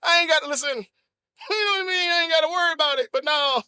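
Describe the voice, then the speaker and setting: A man hosting a comedy podcast, riffing in an animated, rambling monologue and constantly asking "you know what I mean?". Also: very high-pitched, quick pace, no echo. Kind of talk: comic monologue.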